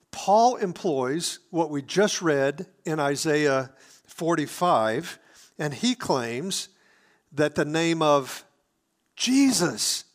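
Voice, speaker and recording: A man preaching a sermon, explaining scripture earnestly, often restarting his phrases. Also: fairly high pitch.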